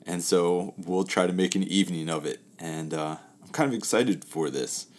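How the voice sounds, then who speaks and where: A man hosting a casual talk who tells a spoken parable in a relaxed, chatty way, letting his phrases trail off softly. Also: low-pitched, normal speed.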